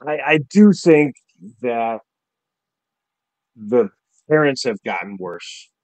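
Male podcast co-host, mid pitch, blunt joker, dry close mic. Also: big pitch swings, takes it slowly, a little mellow, dry recording, poor audio. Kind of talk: casual chat.

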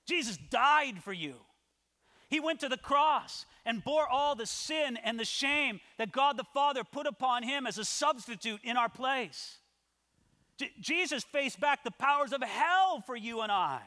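A male pastor preaching a sermon in earnest, moving between hushed asides and emphatic declarations. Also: sits high. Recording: long reverb of a large hall.

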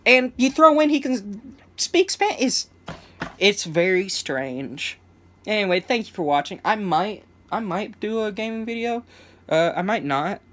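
A man's voice: high-pitched, big pitch swings, unhurried, fairly bright tone. A young man telling a casual storytime vlog, rambling with many restarts and stammers, chuckling between phrases. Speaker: vlogger.

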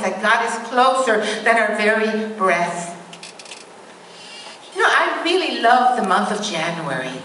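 A woman's voice: a little high, sharp tone, slight background noise. A woman minister giving a sermon, telling a joke and asking the congregation to call back answers. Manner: asks the congregation for responses. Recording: echoey hall from far off.

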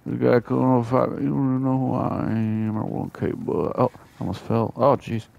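Gravelly, joking gaming host man. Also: medium pitch, moderate pace, muffled recording. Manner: excitable, joking, exclamatory. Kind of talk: casual gaming commentary.

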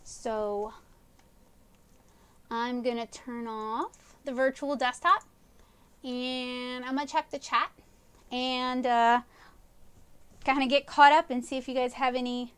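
A woman's voice: high-pitched, fairly even intonation, slow, pauses often, clean tone, dry recording. A woman comic artist chatting enthusiastically through a live watercolor painting tutorial, rambling with fillers as she loses her voice. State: losing her voice.

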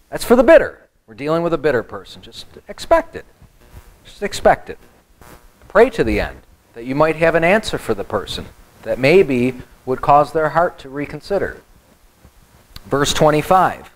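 Male pastor, animated Bible teacher with a lively, slightly high voice. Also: moderate pace, poor audio. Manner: animated, joking asides to the congregation. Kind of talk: Bible study sermon.

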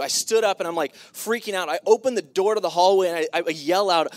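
Upbeat storytelling man, slightly higher voice. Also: fast, hardly any pauses, no room sound. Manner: casual and humorous, acts out his own reactions. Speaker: keynote speaker. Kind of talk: sermon to graduating students. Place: school event stage.

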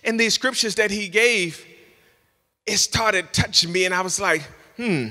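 A man's voice: high-pitched, unhurried, bright, forceful tone, in a large hall. A man preaching an online sermon as pastor, impassioned, often lifting into a half-sung cadence.

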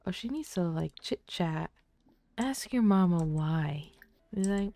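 A woman hosting a game playthrough, giving casual commentary in a soft-spoken way that drifts into whispers. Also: lowish voice, expressive, takes it slowly, no room sound. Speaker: let's play host.

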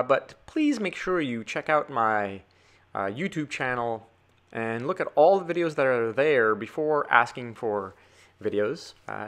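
A man's voice: mid-range voice, fairly bright tone. A man giving a chatty drawing tutorial, talking to viewers as he sketches. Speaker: drawing teacher.

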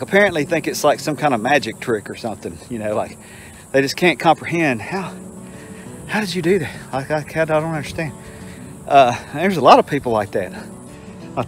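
An older man tells rambling, self-amused stories in a folksy, casual way as he walks outdoors. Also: medium pitch. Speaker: vlogger. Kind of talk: casual storytelling while walking. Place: outdoors in a park.

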